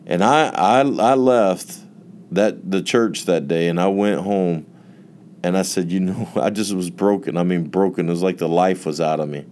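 A man's voice: low-pitched, a little mellow, slight background noise. A man, a pastor giving an earnest, emotional testimony in a sermon. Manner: earnest, emotional storytelling with drawn-out emphasis.

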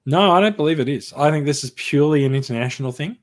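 A man's voice: a little high, lively intonation, fast talker. Man explaining at length. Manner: explains at length with restarts, says "look" often. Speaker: podcast co-host. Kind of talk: casual chat.

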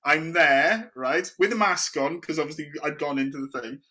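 A man's voice: on the high side, moderate pace, bright, forceful tone. A man telling stories in a casual chat as a podcast co-host. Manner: chatty storyteller, says mate often.

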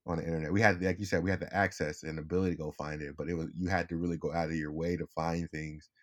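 Very deep-voiced young man, laid-back podcast host. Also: level tone, fast. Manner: rambling, restarts often, laid-back. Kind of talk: casual chat.

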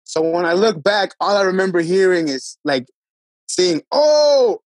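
Podcast co-host, animated storyteller, swears a lot, fairly high voice, close dry mic. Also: male voice, moderate pace, no echo. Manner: profane, animated, acts out voices of others. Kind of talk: casual storytelling among friends.

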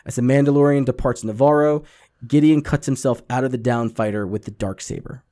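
A man in the middle of his range recaps an episode for a casual podcast, swearing freely and getting animated as the story builds. He keeps slipping into the characters' lines as he retells it. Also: medium pitch, fairly quick. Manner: acts out characters' lines in quotes. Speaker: podcast co-host.

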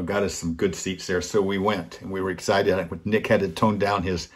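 An older man hosting a weekly talk, telling a personal story earnestly and acting out the voices of the people in it. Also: deep voice. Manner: earnest, acts out quoted voices. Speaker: host.

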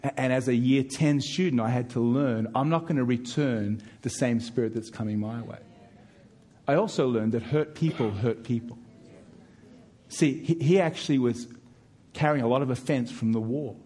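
A middle-aged man preaching a sermon as pastor, emphatic, with frequent repeated words as he pushes key points louder and higher. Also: moderate pace, husky.

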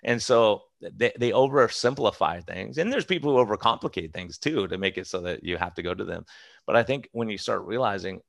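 A man's voice: on the low side, animated, brisk, creaky, no room sound, studio quality. A middle-aged man, a preventive medicine doctor, talking casually and emphatically with many restarts and acted-out quotes. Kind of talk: casual interview talk.

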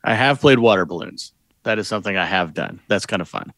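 A man with a very low voice trades dry, matter-of-fact remarks about a movie in a relaxed podcast chat. The sound is dry and close, with no room around it. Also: brisk, no echo. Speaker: podcast co-host. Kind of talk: casual movie discussion.

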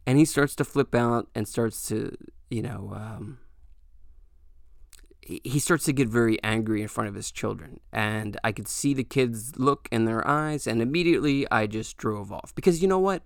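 Young male podcast host, gravelly voice, rambling profane storytelling, dry close sound. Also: medium pitch, normal speed, no echo. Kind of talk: storytelling monologue.

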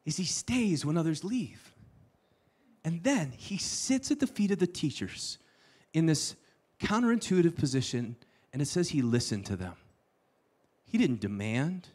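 A man preaching a sermon, telling the story with playful asides and sudden hushed lines. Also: on the high side, very animated, measured pace, long pauses. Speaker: pastor.

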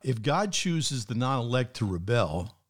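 A male pastor talks in an even, mid-range voice. He is earnest and measured, and sometimes reads aloud from prepared notes in a sincere tone. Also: mid-range voice. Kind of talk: casual chat.

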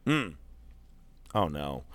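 A man chatting casually as a podcast co-host, telling a loose, profane story full of fillers and jumping into animated quoted voices. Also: drawn-out words, no room sound. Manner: animated, jumps into high-pitched quoted voices. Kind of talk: casual chat.

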